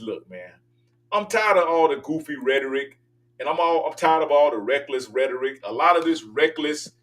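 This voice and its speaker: An older man rants emphatically as he hosts his talk show, his voice bright and pushed. He sounds set back from a distant microphone. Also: on the high side. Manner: emphatic, ranting, preachy. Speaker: political talk show host. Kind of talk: opinionated monologue.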